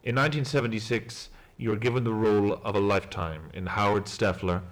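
A man interviewing an actor in a mock interview, asking questions in a measured, formal way. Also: fairly low pitch, steady tone.

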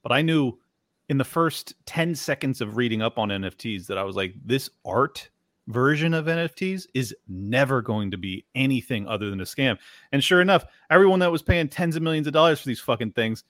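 A man's voice: medium pitch, lively intonation, quick pace, a bit bright, no room sound, clean studio sound. A man on a podcast, blunt and emphatic, swearing freely in casual talk.

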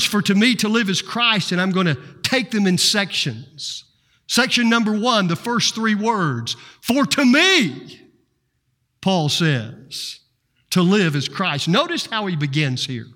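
A man preaching a sermon, slow and dramatic, with repeated refrains and rhetorical questions. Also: high voice, bright, forceful tone. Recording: reverberant hall.

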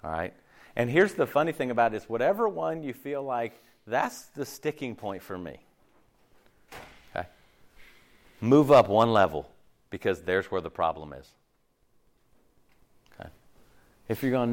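A man preaching a sermon, animated, acting out quoted voices and often checking in with "okay?". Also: mid-range voice, measured pace, long pauses. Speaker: pastor. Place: church.

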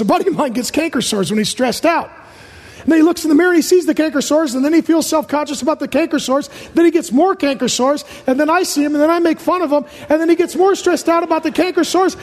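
A man preaching a humorous sermon as a pastor, firing off punchy jokes and short lists in a large church auditorium. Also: extremely high pitch. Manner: rapid-fire jokey delivery, punchy short lists. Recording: reverberant hall.

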